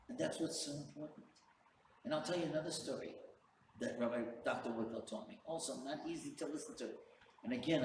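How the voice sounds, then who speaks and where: Earnest rabbi preaching in a roomy hall. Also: male voice, medium pitch. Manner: earnest storyteller, direct appeals. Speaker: rabbi, lecturer. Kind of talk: sermon to a live audience. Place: event hall. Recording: roomy hall, distant mic, faint hum.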